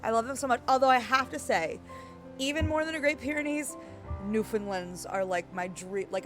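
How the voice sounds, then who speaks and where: A woman streaming and chatting casually, rambling and reading chat aloud, her voice croaky and worn out. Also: fairly high pitch, brisk. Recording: faint music underneath.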